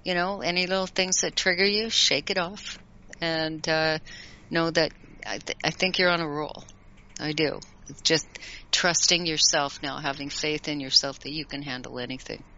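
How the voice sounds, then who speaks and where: A woman and regular guest giving card readings in a casual live-stream chat, gentle and encouraging, laughing easily. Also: sits low, fairly even intonation, normal speed, muffled recording.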